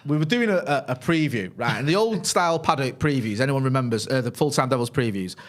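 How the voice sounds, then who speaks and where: A man's voice: medium pitch, animated, fast. Chatty man hosting a stream. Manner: chatty storyteller, tags lines with "right?". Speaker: co-host of a fan channel. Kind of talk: casual live-stream chat.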